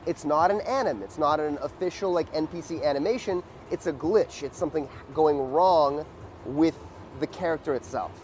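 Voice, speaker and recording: A man teaching a dance lesson in a loose, casual way, with many fillers and beat sounds like "boom.". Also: moderate pace, darkish tone, a little hiss or hum.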